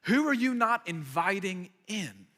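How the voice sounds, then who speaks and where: Bright-voiced pastor preaching in a hall. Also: male voice, sits high, expressive, measured pace. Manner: conversational, emphatic, playful asides. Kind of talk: sermon. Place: church hall. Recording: reverberant hall.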